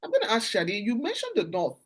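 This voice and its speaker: A woman hosting a book club discussion, speaking in an emphatic, lively way. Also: medium pitch, a little fast. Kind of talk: casual book club conversation.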